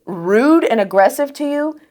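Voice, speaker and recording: Animated woman podcast co-host. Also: high-pitched, a little slow. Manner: animated storytelling, acts out quoted exchanges. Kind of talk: casual chat.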